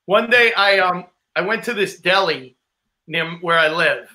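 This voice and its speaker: A man's voice: high voice, lively intonation, a little slow, pushed and bright. A man co-hosting a casual podcast, telling a rambling anecdote and acting out the quotes in it. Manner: rambling anecdote teller who acts out quotes. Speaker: podcast co-host.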